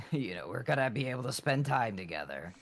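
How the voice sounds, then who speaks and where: A man's voice: mid-range voice, very animated, a little fast. A man casually chatting with his partner while they play a game together, blunt and swearing casually. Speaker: co-op gaming partner. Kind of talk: casual chat during a game stream.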